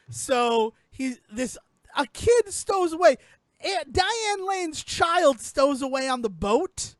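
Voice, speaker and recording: High-voiced man recapping a film. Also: slow, no room sound. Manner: animated storyteller, acts out characters in lowered voices. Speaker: podcast host recapping a film. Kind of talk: casual comedic film recap.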